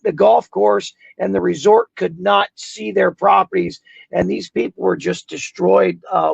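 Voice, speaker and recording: A man with a gravelly, raspy voice joins a livestream to chat about politics, his pitch fairly high for a man. He talks in a halting way, searching for words. The sound is dull, lo-fi and dry. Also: no room sound.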